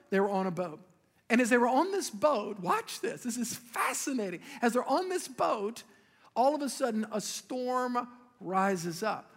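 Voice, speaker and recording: A man preaching a sermon as pastor, telling a story with lively swings between loud and sudden quiet emphasis. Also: high-pitched. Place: large church hall. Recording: long hall reverb.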